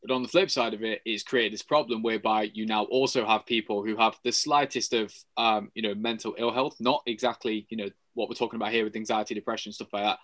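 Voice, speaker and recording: A man co-hosting a casual podcast, explaining his views in a steady, measured way. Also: fairly low pitch. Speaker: podcast co-host.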